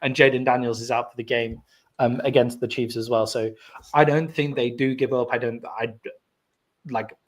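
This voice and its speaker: A British man co-hosting a casual sports podcast, his voice sitting at an everyday middle pitch. He talks loosely and with animation, leaning on fillers and building into little rants. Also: normal speed. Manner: animated, ranting, frequent "like" fillers. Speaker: podcast co-host.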